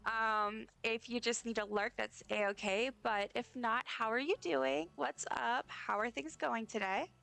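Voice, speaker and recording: Gravelly, hoarse woman streamer. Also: fairly high pitch, fairly bright tone. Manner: rambling, chatty, addresses chat directly. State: hoarse, partly lost voice. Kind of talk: casual livestream chat while playing.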